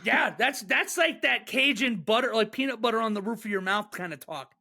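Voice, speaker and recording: A man co-hosting a sports podcast, ranting and joking in a casual, excitable way. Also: high voice, creaky. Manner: excitable, joking, fast rants. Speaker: podcast co-host.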